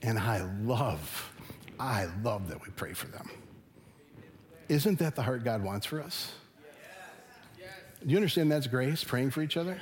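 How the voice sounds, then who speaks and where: A man's voice: medium pitch, big pitch swings, a little slow, long pauses. Earnest middle-aged male pastor preaching. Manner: earnest, conversational preaching with rising emphasis. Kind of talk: sermon. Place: church sanctuary.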